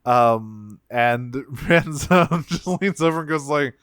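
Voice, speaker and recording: A man in a relaxed podcast chat, his mid-pitched voice smooth and resonant. He rambles through a cartoon recap with plenty of ums and casual swearing. The sound is close and dry, with no room around it. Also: slow pace, no room sound. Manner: laid-back, swears freely, many fillers, acts out lines. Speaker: podcast co-host.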